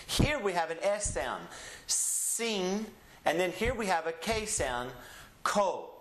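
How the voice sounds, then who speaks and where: A man's voice: sits high, very animated, a bit bright, roomy sound. A man with a Southeast Texas accent teaching a Spanish lesson, drawing out each word and having learners repeat after him. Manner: slow, drawn-out enunciation with call-and-repeat drills. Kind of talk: classroom-style language lesson.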